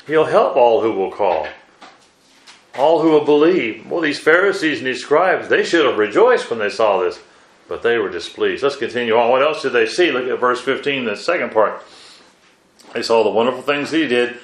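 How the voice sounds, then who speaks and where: Male preacher, mid-pitched, reverberant room, rhetorical and exclaiming. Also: lively intonation, normal speed. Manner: asks the listeners rhetorical questions; exclaims "wow" between points. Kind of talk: Bible sermon.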